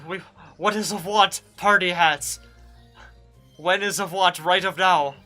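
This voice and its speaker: Man doing a talking cabbage, broken chanting speech, bright tone, slightly high. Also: unhurried, faint music behind. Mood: eager.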